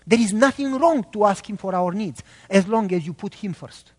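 High-voiced pastor preaching in a reverberant hall. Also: male voice, normal speed. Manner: earnest, animated storytelling with shifting loudness. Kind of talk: sermon storytelling.

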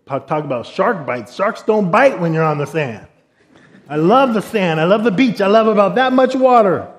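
A middle-aged man with a high-pitched voice, telling a story from the pulpit. His delivery is animated and jokey, and he acts out the other people's lines. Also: normal speed. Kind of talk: storytelling sermon.

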